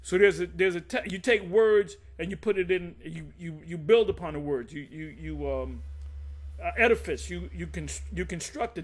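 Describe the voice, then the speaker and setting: A man with a fairly high voice teaches scripture in a loose, off-the-cuff way, stopping to read dictionary definitions aloud. He trips over his words and restarts often, then presses harder and louder to drive a point home. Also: moderate pace. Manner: frequent restarts, addresses listeners directly. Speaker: religious teacher.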